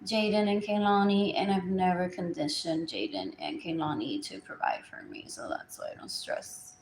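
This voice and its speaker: A woman's voice: on the low side, very animated, normal speed, a little hiss or hum. A woman, rambling through a live stream, repetitive and drifting, often trailing off into murmurs. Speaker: livestreamer. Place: indoors at home. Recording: roomy echo.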